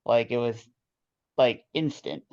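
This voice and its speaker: A man's voice: medium pitch, sing-song, takes it slowly, darkish tone, dry recording. A man directing a rehearsal, giving notes to actors in a rambling way with many restarts. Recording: dull dry lo-fi sound.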